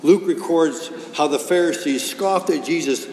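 A man's voice: a little high, normal speed, a little mellow, slight background noise. A man preaching a sermon, pressing his points with rhetorical questions and repetition. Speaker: pastor. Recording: echoey hall with faint ambience.

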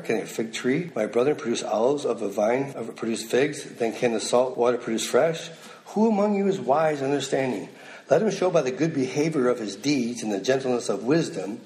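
A man's voice: medium pitch, darkish tone, rough recording. A man preaching a sermon, reading scripture aloud and then pressing his listeners with direct, rising exhortations.

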